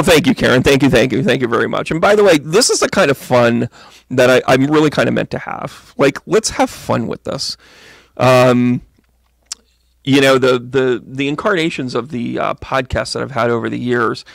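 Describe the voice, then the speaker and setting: A man's voice: mid-range voice, creaky, dry recording. A man reading tarot cards on a live stream in a casual, joking, chatty way, greeting viewers by name. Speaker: psychic medium and tarot reader.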